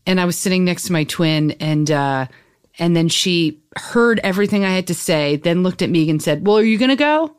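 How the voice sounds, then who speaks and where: A woman comedian as a guest, telling animated, rambling stories full of fillers in a casual interview. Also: fairly low pitch, moderate pace, clean tone.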